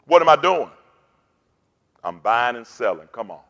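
A man's voice: mid-range voice, very animated, a little slow, vocal fry, a bit bright. A pastor preaching a sermon, rousing and call-and-response in his delivery. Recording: long hall reverb.

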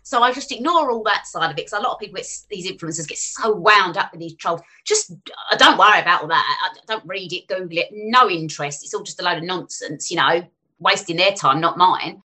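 A woman's voice: on the low side, a little fast, pushed and bright. A woman, chatting frankly and animatedly as an interview guest about her work online. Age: 40s. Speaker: finance influencer guest. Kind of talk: casual interview chat.

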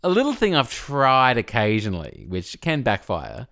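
A man, co-hosting a casual chat with playful, animated storytelling. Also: mid-range voice, moderate pace, vocal fry, no echo, clean studio sound. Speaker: podcast co-host.

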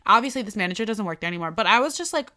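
Bright-voiced young woman telling a story. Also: medium pitch, rapid-fire. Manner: animated, lots of "like", acts out quotes. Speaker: storyteller recounting a work incident. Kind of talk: casual chat.

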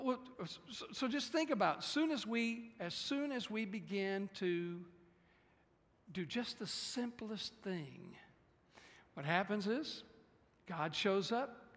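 A male pastor with a high voice delivers an animated sermon, slipping into the voices of the people he quotes. His words ring out with a long reverb, as in a large church hall.

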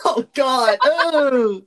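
A man's voice: extremely high pitch, drawn-out words, low-quality recording. A man co-hosting a casual podcast chat, swearing freely, laughing often and telling stories with animation. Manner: profane, laughing, animated storytelling. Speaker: co-host.

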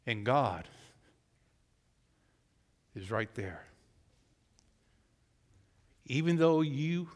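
A man preaching a sermon who acts out voices and swings from loud to hushed. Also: medium pitch, long reverb tail. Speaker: pastor. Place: church.

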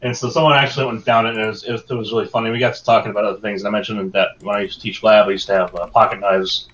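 A man with a fairly low voice chats casually on a podcast and wanders through his stories in a rambling way. The sound is dull and lo-fi. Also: fairly even intonation, very fast, a bit bright. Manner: rambling, meandering storytelling. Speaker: podcast co-host.

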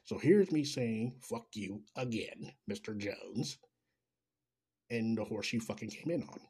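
A man's voice: fairly low pitch, expressive, unhurried, a little mellow, breathy edge. A man delivering an angry, profane, sarcastic rant straight to the listener. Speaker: commentator. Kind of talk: ranting commentary.

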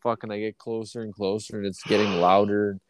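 A man's voice: fairly low pitch, flat delivery, fairly quick, no echo. A man from Canada telling long, rambling, profane stories in a casual podcast chat. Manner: profane, rambling anecdotes with acted quotes. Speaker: podcast co-host.

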